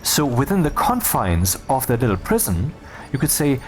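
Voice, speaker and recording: A man's voice: medium pitch, huge pitch swings, moderate pace. A man talking casually over gameplay, rambling and cutting himself off, with wry asides. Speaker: video creator.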